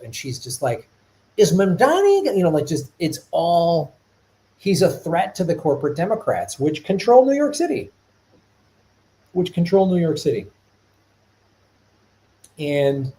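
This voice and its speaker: A man's voice: mid-range voice, rough recording. A middle-aged man from Chicago hosting a live stream, talking in a casual, rambling way with many restarts. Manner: animated, rambling, with repeated restarts. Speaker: podcast host.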